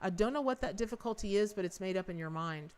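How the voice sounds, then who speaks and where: A woman hosts a live-stream tarot reading in a smooth, clear voice at a middle pitch. She rambles effusively, restarting her sentences as the ideas come. Her tone stays folksy and affectionate toward her viewers. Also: expressive, quick pace, a little mellow. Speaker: tarot reader and livestream host.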